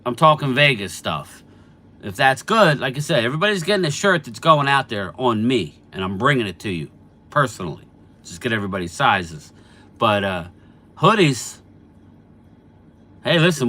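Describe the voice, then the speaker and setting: Answering live chat on his sports channel, a middle-aged man talks football in a chatty way, calling out viewers by name before replying. He speaks at a moderate pace in a bright, forceful, sing-song medium-pitched voice, slightly stuffy from allergies.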